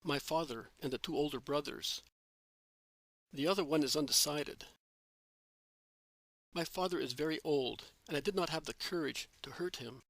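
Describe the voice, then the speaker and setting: A man's voice: fairly high pitch, moderate pace, long pauses, a bit bright, dry recording, rough recording. A man reading the part of an earnest young male disciple who pleads and asks searching, heartfelt questions.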